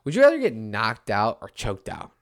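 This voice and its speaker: A man in his twenties giving a casual sports rant, animated and exasperated, with frequent restarts. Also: lowish voice, normal speed. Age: 20s. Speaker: sports commentator.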